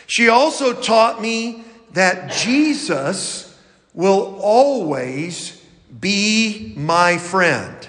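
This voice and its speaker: A man preaching in a high, light voice, slow and deliberate, as he reads scripture and talks to his congregation. His words ring out with a long reverb from a large church sanctuary. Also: a bit bright. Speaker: pastor. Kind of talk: sermon.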